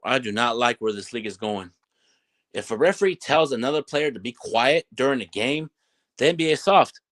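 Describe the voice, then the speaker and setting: A young man venting about basketball in a loose, casual rant, his voice at a middling pitch. He gets animated and fired up, and he keeps acting out what players and referees said. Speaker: basketball commentator.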